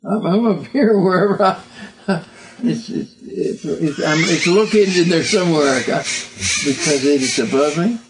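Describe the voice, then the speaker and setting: An older man giving an earnest doctrinal sermon, halting and repeating words as he goes. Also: a little high, noisy background. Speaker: religious teacher.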